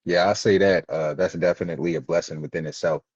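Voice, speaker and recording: A man's voice: deep voice, steady tone, quick pace, a little mellow, slightly rough, no room sound. A man from Baltimore, an interview guest, earnestly telling life stories in slangy casual talk. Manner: earnest, slangy, acts out quoted people. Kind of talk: reflective storytelling in casual chat. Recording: dull lo-fi dry recording.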